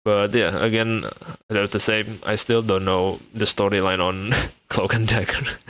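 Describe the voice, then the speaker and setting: A man's voice: lowish voice, little pitch movement, a little slow, a bit bright. A young man from Indonesia chatting casually with his live-stream viewers, laughing often and restarting his sentences.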